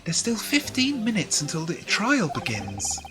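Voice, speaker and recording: Prim, earnest young assistant, lively pitch; a woman voices her; game music under. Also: measured pace.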